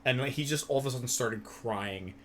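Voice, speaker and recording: Bright, animated young man. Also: medium pitch, brisk, a little hiss or hum. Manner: animated storytelling, laughs often, swears freely. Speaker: stream co-host. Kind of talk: casual chat.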